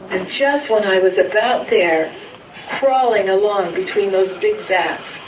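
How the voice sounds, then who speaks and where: A woman's voice: echoey room, distant mic, slight background noise, close to an everyday voice, low-quality recording. A woman reading a story aloud, voicing a bitter, self-pitying blind male street peddler. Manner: wheedling, self-pitying, then shrill and frantic.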